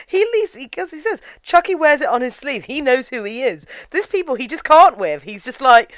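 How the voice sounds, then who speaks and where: A woman's voice: high voice, big pitch swings, moderate pace, few pauses, a bit bright, no echo. A young woman chatting enthusiastically in a casual film review, full of "like" fillers.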